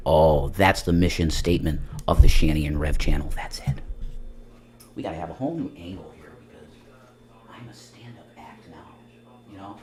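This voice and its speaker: A man's voice: deep voice, expressive, normal speed, pauses often. A man, a self-styled reverend, doing a rambling, profane comedic monologue on a livestream. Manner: profane, rambling, jumps between loud and muttered.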